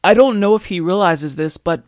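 A man's voice: high-pitched, normal speed, no echo, studio quality. A male podcast host delivering political commentary as an exasperated rant, full of rhetorical questions and swearing.

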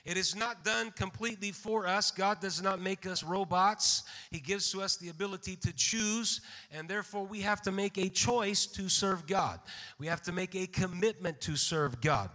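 A man preaching a sermon in a church sanctuary, speaking in a measured way and calling out amen. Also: sits high, sharp tone. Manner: measured, slows for scripture readings, calls out amen. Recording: long hall reverb.

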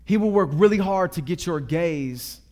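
High-voiced preaching man, emphatic. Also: animated, normal speed, mellow. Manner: emphatic preaching with repetitions and asides to the congregation. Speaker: pastor. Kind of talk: sermon.

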